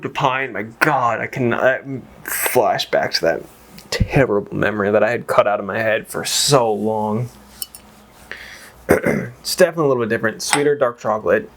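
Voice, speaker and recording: A man reviewing whiskey in a casual, rambling chat that wanders off on tangents and is full of exclamations. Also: mid-range voice. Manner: exclaims and swears freely.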